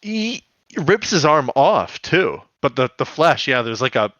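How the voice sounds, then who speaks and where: A man's voice: fairly high pitch, big pitch swings, a little slow, fairly bright tone, dry recording, lo-fi sound. A man co-hosting a podcast, chatting casually and profanely and laughing often. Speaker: podcast co-host. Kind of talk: casual chat about a cartoon episode.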